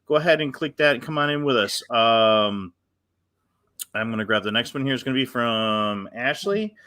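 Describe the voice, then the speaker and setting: A man's voice: mid-range voice, animated, normal speed, pushed and bright. A man with a Western New York accent co-hosting a live show, loose and joking, reading viewer comments with many ums and uhs. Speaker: co-host. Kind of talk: casual live-show chat.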